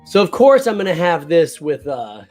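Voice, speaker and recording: A man's voice: fairly high pitch, sing-song, moderate pace, a little mellow, soft background music. A man hosting a casual live toy unboxing stream, enthusiastic and laid-back.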